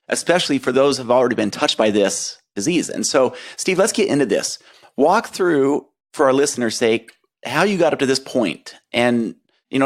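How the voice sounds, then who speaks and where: A man hosting a podcast, introducing his guest in an earnest, enthusiastic way. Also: medium pitch. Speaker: podcast host.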